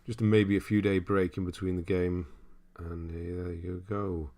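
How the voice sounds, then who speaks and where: Here a young male streamer chats through his audience's comments during an easygoing gaming broadcast. He speaks at a normal speed in a low register, drifting from topic to topic and frequently laughing.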